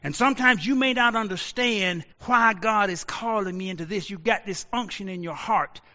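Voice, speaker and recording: A man in his sixties preaching a sermon as a pastor, telling stories and shouting out quoted lines. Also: high-pitched, moderate pace, in a large hall, dull audio. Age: 60s.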